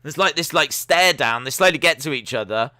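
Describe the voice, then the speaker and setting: A man's voice: fairly high pitch, expressive, fairly quick, pushed and bright, no room sound, studio quality. A young man hosting a live stream watch-along, giving chatty, sarcastic, opinionated commentary.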